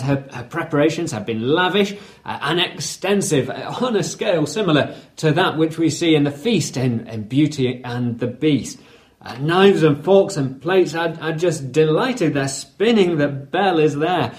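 A man's voice: a little high, animated, measured pace. A man preaching a sermon, telling stories with frequent uh fillers.

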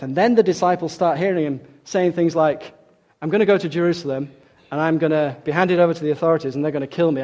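A man preaching a sermon, retelling stories with dramatic shifts between loud outbursts and hushed lines. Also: fairly high pitch. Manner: dramatic storytelling, acting out quoted voices.

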